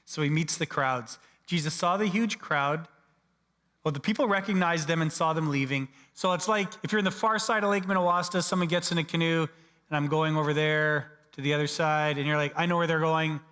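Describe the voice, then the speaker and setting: A man's voice: a little high, a little fast, clean tone. A man, a pastor preaching a sermon in a casual, conversational way and acting out people's lines. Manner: conversational, acts out people's lines in lively asides. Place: church sanctuary. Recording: long church hall reverb.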